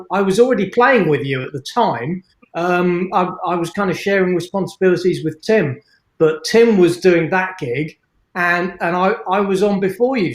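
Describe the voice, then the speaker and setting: A man's voice: sits high, reverberant. A man, a band musician, chatting casually and hesitantly about a past gig. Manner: hesitant, with fillers and restarts. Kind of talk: casual chat.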